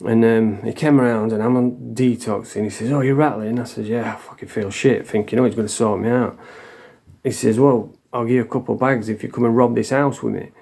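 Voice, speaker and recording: A man's voice: mid-range voice, steady tone, fairly quick, creaky, mellow. A middle-aged man from England telling his own story in a blunt, sweary, confessional way. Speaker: vlogger. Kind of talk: casual storytelling.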